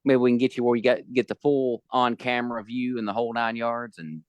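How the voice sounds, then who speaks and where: A man hosting a podcast in a relaxed, joking casual chat. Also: medium pitch, a little fast, clean tone, dry recording. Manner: joking, easygoing. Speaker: podcast host. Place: home, indoors.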